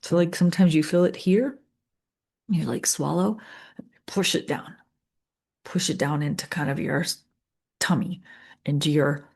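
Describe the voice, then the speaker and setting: A middle-aged woman coach speaking gently and with empathy in a podcast monologue, often repeating and listing phrases. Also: sits low, gravelly, breathy edge. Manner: gentle, empathetic, with repetition and lists. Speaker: leadership coach.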